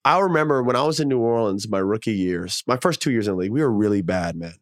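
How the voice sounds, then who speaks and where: A man, a former professional basketball player, co-hosting a casual sports podcast, talking in an animated, emphatic way with slang and casual swearing. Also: fairly low pitch, fast talker, no room sound, studio quality.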